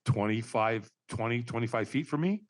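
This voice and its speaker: A firewalking instructor, guesting on a podcast, tells an animated story in a medium-pitched voice at a moderate pace. He acts out quotes in shifting voices and addresses the host as Doc.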